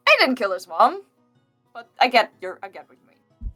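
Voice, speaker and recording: A young woman talks through her character's moves in a bright, forceful voice. She rambles and hesitates, piling up fillers. Faint music sits behind her. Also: on the high side, very animated, moderate pace. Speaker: player. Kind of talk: tabletop role-play chat.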